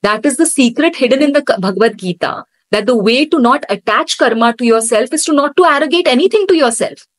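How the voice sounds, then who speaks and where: A woman instructor retelling a scripture story in an animated storytelling manner during a lesson. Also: sits high, a little fast, hardly any pauses, no room sound, rough recording.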